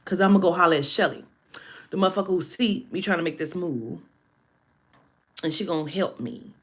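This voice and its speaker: A woman telling a personal story in a casual monologue, animated and emphatic, with heavy profanity. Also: fairly low pitch, fairly quick, slightly rough.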